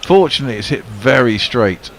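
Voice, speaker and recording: A man giving ball-by-ball cricket commentary who chats easily between balls and lifts sharply when the play turns exciting. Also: mid-range voice, moderate pace. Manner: excitable bursts on big shots, relaxed chat between balls.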